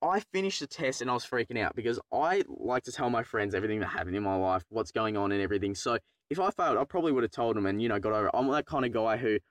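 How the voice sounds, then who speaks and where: A teenage man telling a funny personal story to his viewers, excitable and swearing freely, dropping into low mutters when he acts out his own panic. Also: fast, hardly any pauses, no echo, studio quality. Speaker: vlogger. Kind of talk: casual storytelling to camera.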